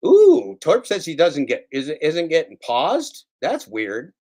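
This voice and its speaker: A man's voice: fairly high pitch, huge pitch swings, takes it slowly, a little mellow. A man hosting a casual livestream, ranting sarcastically with plenty of swearing and repeating his own lines for effect. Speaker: livestream host.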